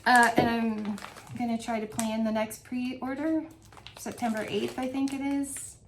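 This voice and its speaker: A woman's voice: a little high, flat delivery, a little slow, background noise. A woman chatting casually in a home review video, gushing and laughing often as she describes her favorite scents. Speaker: wax melt reviewer. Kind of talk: casual product review vlog.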